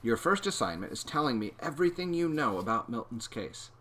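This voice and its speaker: A man's voice: medium pitch, fairly quick, pitched above the performer's own voice. A man doing a bossy girl detective. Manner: confident, bossy, calm. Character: bold young girl detective.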